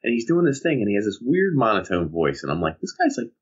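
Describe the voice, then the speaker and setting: A man's voice: lowish voice, quick pace, slightly rough, highs cut off. A man co-hosting a podcast, chatting casually and acting out the people in his stories. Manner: animated storyteller, mimics people he describes. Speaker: podcast co-host. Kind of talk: casual chat. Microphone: video call.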